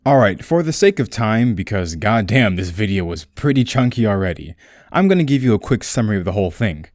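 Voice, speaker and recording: A man's voice: lowish voice, very animated, a little fast, darkish tone, no room sound, studio quality. A young man hosting a comedic game retrospective, with a sarcastic, irreverent and profane manner. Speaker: video essay host.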